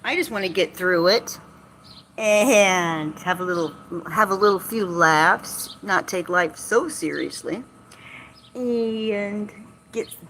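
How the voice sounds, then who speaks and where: A woman speaking on the low side, a bit bright, with a little hiss or hum, chats casually on a livestream. The vlogger has a Southern US accent and rambles outdoors by a lake, joking in a folksy, slightly salty manner.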